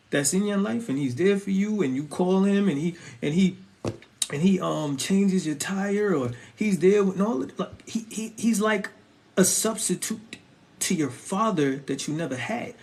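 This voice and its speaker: A young man with a high-sitting voice speaks a little slowly as he preaches casually on faith and relationships. The Christian vlogger is animated, conversational and heavy on slang, frequently asking whether listeners feel him.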